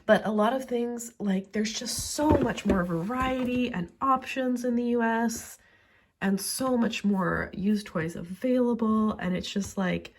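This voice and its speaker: A woman talking casually and rambling about her toy collection with many fillers, sounding a little sick and pausing to cough. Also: fairly high pitch, a little hiss or hum. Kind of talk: casual chat.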